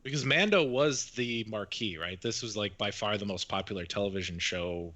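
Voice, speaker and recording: A man's voice: on the low side, moderate pace, bright, forceful tone. A man hosting a casual podcast, chatty and rambling, with lots of fillers and restarts. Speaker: podcast host.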